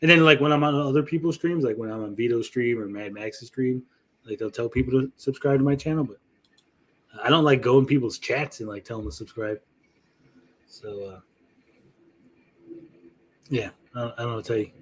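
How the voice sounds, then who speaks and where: A man's voice: mid-range voice, moderate pace, long pauses, husky. A man hosting a livestream, chatting casually while reacting to videos, blunt and sarcastic with lots of swearing. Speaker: streamer host.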